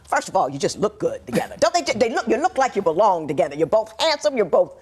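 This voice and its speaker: A woman presiding as judge on a TV court show, wry and teasing, quick to laugh, in a studio courtroom. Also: medium pitch, very animated, darkish tone, husky. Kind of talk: courtroom TV hosting.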